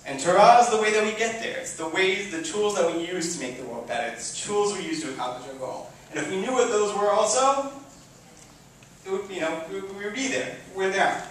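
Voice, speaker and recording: A man's voice: high-pitched, a little fast, distant mic, a little hiss or hum. Echoey young man speaking to a hall. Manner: chatty and self-deprecating, often restarting, rising to animated outbursts. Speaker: rabbi giving opening remarks. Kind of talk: personal talk to an audience. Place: event hall before a live audience.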